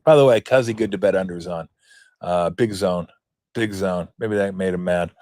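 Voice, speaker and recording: A man's voice: low voice, normal speed, a little mellow, no echo, clean studio sound. Rambling, profane man in his fifties. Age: 50s. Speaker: sports talk show host. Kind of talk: casual sports commentary.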